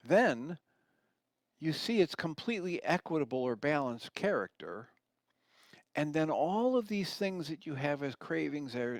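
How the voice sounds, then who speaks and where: A man's voice: medium pitch, dry recording. A man giving a radio teaching talk, reading passages from a book and explaining them in an earnest, reflective way.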